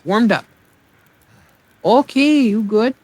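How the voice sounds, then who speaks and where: A man's voice: fairly high pitch, moderate pace, dry recording. A man hosting a let's play, giving casual gameplay commentary and rambling aloud as he thinks, often mocking himself.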